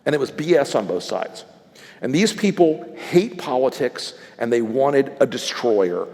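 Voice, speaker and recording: His medium-pitched voice is gravelly and a little mellow, very animated yet a little slow. Standing on an event stage before an audience, the political strategist spins salty, blunt stories and impersonates the people in them, all echoing with live hall reverb.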